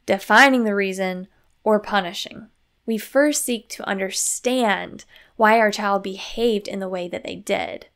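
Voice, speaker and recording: A woman hosting a podcast, calmly explaining parenting strategies in an instructive, coaching manner. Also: mid-range voice, creaky. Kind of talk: instructive solo podcast talk.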